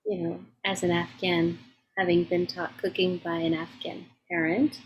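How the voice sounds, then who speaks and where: A woman's voice: lowish voice, fairly even intonation, moderate pace, a little hiss or hum, rough recording. A woman co-hosting a podcast in casual conversation, responding in a reflective, affirming way. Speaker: podcast co-host.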